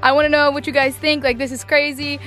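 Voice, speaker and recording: Talking to camera outside on her farm, the young woman rambles in a casual vlog, peppering it with "like" and "I don't know" and now and then addressing her animals. She speaks fast, her notably high voice showing little pitch movement, with music in the background.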